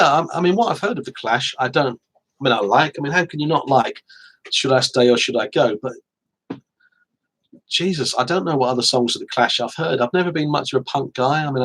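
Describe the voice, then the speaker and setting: A man's voice: mid-range voice, a bit bright, rough recording. Chatty English man on a live stream. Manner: chatty, self-deprecating, rambling with restarts. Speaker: author hosting a live stream. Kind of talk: casual live-stream chat.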